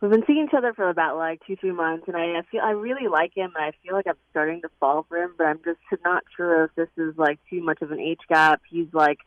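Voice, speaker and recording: A woman's voice: fairly low pitch, fast talker, few pauses, dry recording. A woman in her thirties calls in to a radio advice show, speaking hesitantly with lots of "like" and restarts. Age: 30s. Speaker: caller. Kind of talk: call-in radio conversation. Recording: tinny phone line.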